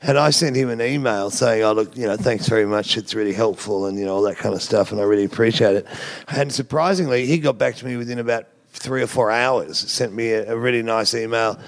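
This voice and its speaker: A man's voice: mid-range voice, fairly quick, vocal fry. An Australian man, a guest comedian, telling rambling, profane stories in casual podcast talk and laughing through them.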